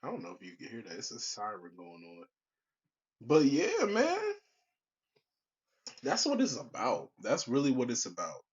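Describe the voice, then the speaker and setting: A man's voice: mid-range voice, very animated, moderate pace, dull audio. A young man hosting his own podcast in a casual, rambling way, full of slang and restarts. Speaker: podcast host. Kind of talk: casual solo podcast chat.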